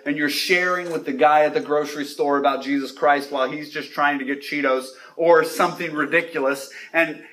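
A young man preaching a sermon, telling youth ministry stories and then rising to loud, emphatic passages on scripture. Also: a little high, slight background noise. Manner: animated preaching, speeds up and slows for emphasis, rises to loud exclamations. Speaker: pastor.

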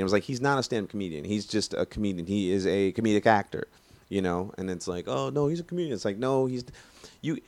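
A man's voice: lowish voice, no echo. A man ranting casually and profanely, rambling with lots of restarts and filler. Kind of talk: casual rant, movie review.

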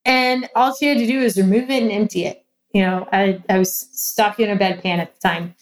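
A woman's voice: medium pitch, fairly even intonation, a little fast. A young adult woman, a guest in a casual interview, telling a personal story candidly and with animation, often laughing.

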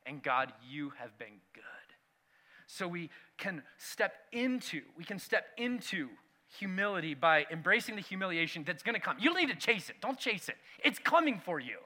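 A man preaching a sermon, telling a self-mocking personal story with animated swings between loud and hushed delivery. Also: high voice, moderate pace, hardly any pauses. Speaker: pastor.

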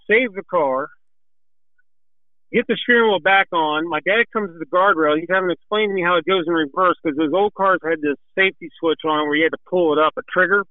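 A man with a fairly high voice tells a racing story in a folksy, animated ramble, a little short of breath. He comes through a thin, tinny phone line with a dry sound. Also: no echo. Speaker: guest telling a racing story. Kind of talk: casual storytelling.

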